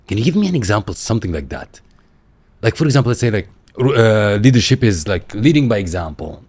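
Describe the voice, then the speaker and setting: A man's voice: on the low side, big pitch swings, quick pace, a little mellow, husky, no echo. A man hosting a podcast, asking questions and reacting with short remarks of agreement and surprise. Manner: short agreeing interjections, exclaims. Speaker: podcast host. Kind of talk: podcast interview.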